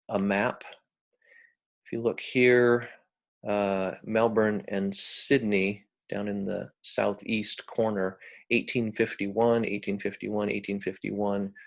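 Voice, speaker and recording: Low gravelly guy giving a college lecture, lots of ums and restarts. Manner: measured, with frequent fillers and restarts. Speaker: university English professor.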